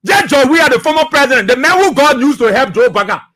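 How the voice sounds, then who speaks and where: A man with a Liberian English accent hosts a political radio talk show, delivering impassioned commentary that circles back on itself and bursts into shouts. His voice sits very high and is husky at the edges. The tone is bright and sharp. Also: animated, quick pace. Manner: impassioned, preachy, repeats phrases, shouts at times.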